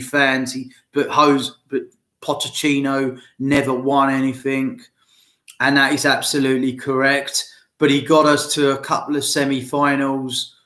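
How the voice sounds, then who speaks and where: A man's voice: mid-range voice, fairly bright tone. A man talking football to his fans in a loose, rambling solo chat, speaking to them directly. He has a nagging cough and takes his time over his words. His voice bounces around a roomy, echoey space. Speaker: football fan vlogger. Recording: roomy echo.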